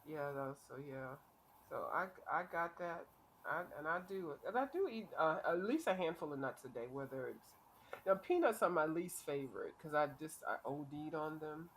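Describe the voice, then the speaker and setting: A woman's voice: low voice, expressive, normal speed, a little hiss or hum. A woman hosting a livestream, chatting casually and playfully while coloring, laughing often. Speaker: host.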